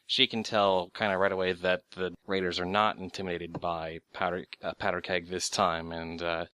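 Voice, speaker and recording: A man running a tabletop game as game master, relaxed and hesitant, with many pauses and ums. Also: deep voice, dry recording.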